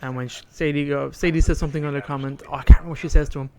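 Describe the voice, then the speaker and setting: Guy on a podcast going over a story, kinda high voice, rambles and quotes the characters. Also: fairly even intonation, very fast, a little mellow. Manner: rambling, retelling scenes with quoted lines. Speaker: podcast co-host. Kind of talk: casual chat recapping a story.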